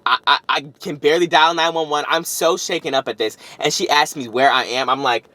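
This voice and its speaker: A man's voice: on the high side, fast, few pauses, no echo. Young man rambling through a storytime. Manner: rambling, animated storytelling with many restarts. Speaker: vlogger. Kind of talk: storytime vlog.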